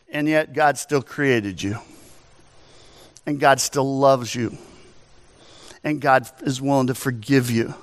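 A man preaching a sermon as pastor, animated, telling stories and asking rhetorical questions. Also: medium pitch, slow, long pauses.

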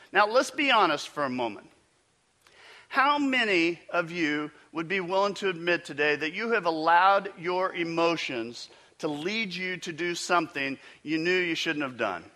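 A man's voice: a little high, sharp tone. A pastor preaching a conversational sermon in a church, asking his congregation questions as he goes.

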